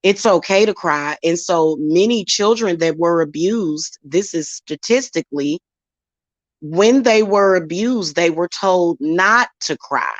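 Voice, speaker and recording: A woman's voice: lowish voice, unhurried, dry recording, lo-fi sound. A woman, talking bluntly and emphatically as host of her own spiritual channel. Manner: blunt, emphatic, slips into acted quotes. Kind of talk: casual chat to camera.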